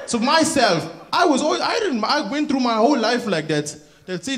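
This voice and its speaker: A South African man doing a stand-up comedy routine on a theatre stage, telling animated stories and acting out other people. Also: very high-pitched, fairly quick, few pauses. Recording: roomy theatre sound with crowd noise. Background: laughing audience.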